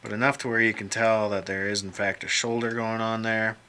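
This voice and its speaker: A man's voice: fairly low pitch, little pitch movement, brisk, pushed and bright, slight background noise. A man casually narrating as he draws characters on a computer, rambling and joking to himself with some mild swearing. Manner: rambling, jokey self-talk with mild swearing. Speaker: illustrator drawing on screen. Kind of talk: casual commentary while drawing.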